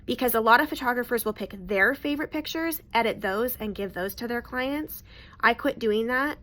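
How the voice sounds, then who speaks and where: A woman's voice: on the high side, moderate pace, sharp tone. A woman in her thirties, a newborn photographer, telling a client story to the camera in a chatty, emphatic way. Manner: chatty, emphatic, repeats words for stress.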